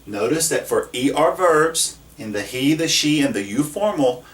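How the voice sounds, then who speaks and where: A man teaching a Spanish grammar lesson at a whiteboard, slow and patient, often checking in with the class. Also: mid-range voice, animated. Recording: echoey room, mic at a distance.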